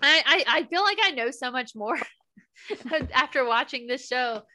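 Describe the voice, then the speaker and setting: Bright-voiced woman gushing through a recap. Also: high-pitched, animated, measured pace. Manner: emotional, gushing recap with laughs and quoted lines. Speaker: podcast co-host recapping a TV episode. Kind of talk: casual chat.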